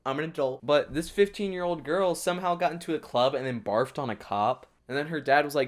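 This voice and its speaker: A man hosting a reaction video, giving casual comedic commentary with excitable, sarcastic asides. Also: a little high, a little fast, hardly any pauses.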